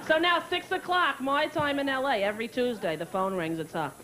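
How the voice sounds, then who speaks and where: A woman in her thirties doing a stand-up routine, animated and breaking into shrill character voices and sung jingles. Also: brisk, poor audio. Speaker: stand-up comedian. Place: stage before a live audience. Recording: live show with loud audience and crowd noise. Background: audience laughter.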